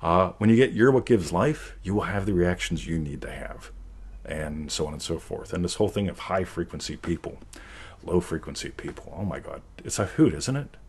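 Deep husky man joking through a talk. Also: a little fast. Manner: animated, jokey, laughs often, acts out voices. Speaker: host. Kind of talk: casual chat answering questions.

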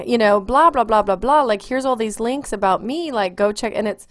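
A woman hosting a podcast interview, chatty and quick to laugh. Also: fairly high pitch, fairly bright tone, dry recording, clean studio sound. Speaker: podcast host. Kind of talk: casual interview chat.

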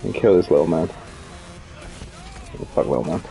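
A man's voice: sits low, normal speed, gravelly, mellow, soft background music. A man streaming a co-op shooter, giving casual, sardonic commentary and swearing freely at the game. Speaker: streamer playing in co-op. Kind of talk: casual gameplay commentary with party chat.

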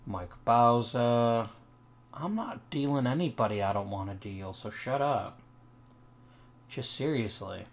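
A young man with a fairly low voice talks through a sports management game as he plays. He thinks aloud about trades and the roster, and sarcastically answers back to his complaining virtual players. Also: expressive, a little slow. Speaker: gaming channel host. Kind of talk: let's play commentary.

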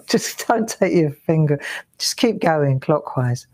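A woman with a low voice talks viewers through drawing scrolls on a live craft stream. She counts her strokes aloud, chats easily and jokes at herself when she slips up. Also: unhurried. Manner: chatty, self-deprecating, counts strokes aloud. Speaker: craft tutor. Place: home craft studio.

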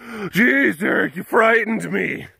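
A man's voice: high-pitched, slow, vocal fry, breathy edge, dry recording, voice pushed up, full character voice. A man putting on the voice of a cat-loving viewer who is outraged and then dismissive. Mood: mock outrage. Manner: loud, exasperated, dismissive.

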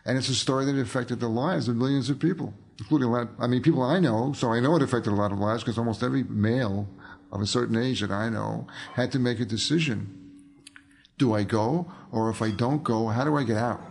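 Gravelly older man telling stories. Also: mid-range voice, fast. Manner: rambling anecdotes with fillers and restarts. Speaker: guest author and filmmaker. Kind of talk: casual interview storytelling.

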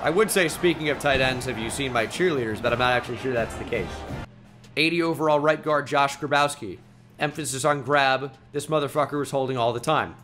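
A man's voice: medium pitch, fairly quick, a bit bright, soft background music. A young man giving casual, profane, joking commentary while playing a video game. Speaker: gaming YouTuber.

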